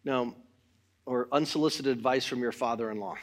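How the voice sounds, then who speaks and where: A middle-aged man preaching a sermon in church, swinging between loud exhortation and quiet talk. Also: mid-range voice, normal speed. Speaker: pastor.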